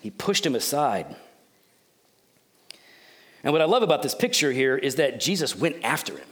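A pastor giving a sermon in a joking, conversational, storytelling manner. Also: male voice, medium pitch, big pitch swings, normal speed, a bit bright.

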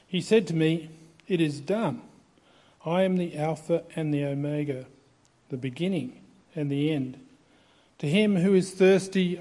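A male pastor reading scripture aloud at a church service, in a measured, steady way. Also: fairly high pitch.

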